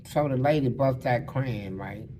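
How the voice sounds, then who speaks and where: Blunt, animated storytelling man. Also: mid-range voice, unhurried, noisy background. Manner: animated, blunt, slips into voices. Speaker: interviewee. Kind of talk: casual prison storytelling.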